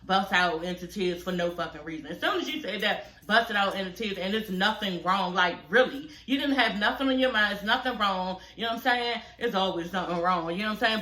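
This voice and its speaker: A woman's voice: medium pitch, fairly quick, few pauses, bright, forceful tone, echoey room. A woman in her forties giving casual reaction commentary, telling a personal story candidly with lots of profanity and asides. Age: 40s. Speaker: reality show commentator.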